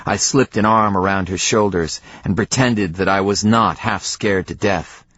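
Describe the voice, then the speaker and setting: Low-voiced man narrating a novel. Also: a little slow, a bit bright, slight background noise. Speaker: audiobook narrator. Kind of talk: first-person novel narration. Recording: dry, slightly dull audiobook recording.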